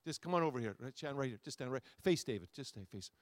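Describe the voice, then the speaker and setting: A man preaching to a congregation from the pulpit, medium-pitched and lively. He drives home repeated phrases, his voice rising and swelling, then sinks into hushed, low asides. The sound is dry and close, with little room around it. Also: quick pace, no room sound. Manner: swings between loud soaring lines and low quiet asides; repetitive, rousing preaching cadence. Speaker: pastor. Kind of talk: sermon. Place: church sanctuary before a congregation.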